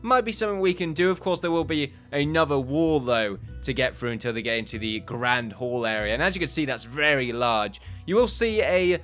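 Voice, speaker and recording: A man chats through his gaming video in a loose, rambling way, often correcting himself and laughing. He sounds a little out of breath, and his voice sits in an ordinary middle range. Soft guitar music plays faintly underneath. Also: medium pitch, fairly quick, hardly any pauses. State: slightly out of breath. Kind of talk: casual commentary over a time-lapse.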